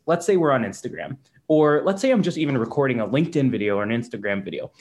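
A man hosting an interview, asking questions in a conversational, slightly halting way. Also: medium pitch, lively intonation, darkish tone. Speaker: podcast host. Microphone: video call with ring light.

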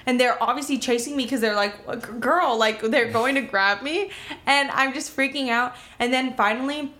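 A woman's voice: sits high, normal speed, sharp tone. A young woman from Miami telling a story in casual chat, rambling, swearing freely and filling her talk with "like".

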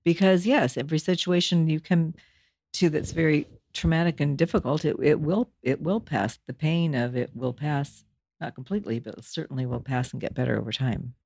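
A woman's voice: low-pitched, a little fast, vocal fry, darkish tone, no echo, clean studio sound. A middle-aged woman who is a mother, co-hosting a casual podcast chat with her daughter and laughing easily. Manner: laughs easily, talks expressively.

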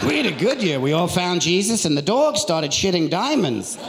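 A man performing a loud, animated stand-up comedy set on a theater stage, acting out voices. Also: high voice, moderate pace, vocal fry, heavy background noise. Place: large theater stage with audience. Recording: live hall recording with loud crowd.

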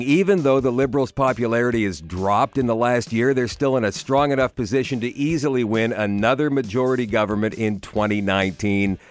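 A man's voice: mid-range voice, no echo. Canadian man reading wry radio news commentary. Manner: wry editorializing asides. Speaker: news segment presenter.

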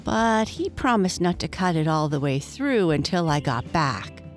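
A woman voicing an eager young male beaver who talks in a quick, excited way. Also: deep voice, faint music behind. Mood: earnest.

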